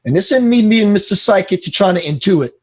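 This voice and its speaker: Man, interview guest, animated storyteller, husky voice, slightly high. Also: fairly quick. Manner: animated storyteller who acts out dialogue. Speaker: guest, spiritual teacher.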